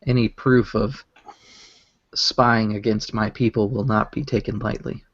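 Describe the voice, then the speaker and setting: A man's voice: lowish voice, fairly even intonation, a little slow, a bit bright, no room sound, lo-fi sound. A man voicing a stern loyal tribal lieutenant. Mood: solemn.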